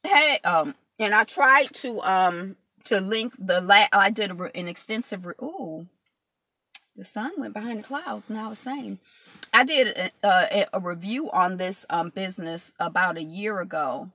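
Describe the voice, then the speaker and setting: A woman eats on a live stream while chatting casually with viewers, rambling loosely with plenty of fillers and responding to comments as they arrive. It's a relaxed mukbang session recorded on a phone camera, and her medium-pitched voice comes across pushed and bright at a slightly slow pace.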